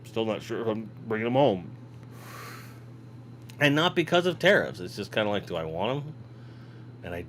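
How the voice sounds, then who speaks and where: Fairly low-pitched and very animated, a man talks at normal speed with long pauses and a fairly bright tone while yawning on his live toy-collecting show. He rambles casually, reading viewer comments, in a home room with toy shelves behind; slight background noise is present.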